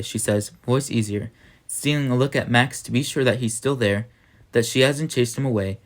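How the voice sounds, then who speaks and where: A man narrating a novel in a measured, even storytelling manner. His voice sits in a middle pitch. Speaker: audiobook narrator. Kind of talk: scripted narration.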